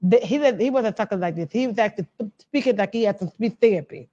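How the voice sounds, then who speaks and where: A woman hosting casual reaction commentary, loud, animated and mocking, with emphatic repeats. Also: medium pitch, fast talker, muffled recording. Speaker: commentary host.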